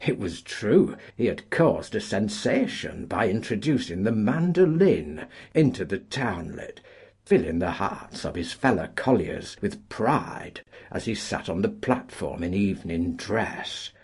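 A man narrating a story, measured and expressive. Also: on the low side, breathy edge. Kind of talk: audiobook narration.

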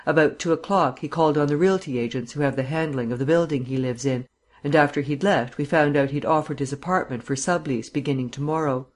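A man's voice: fairly high pitch, brisk, lightly acted. A man voicing a blunt, worried police sergeant giving a plain report in an audiobook reading.

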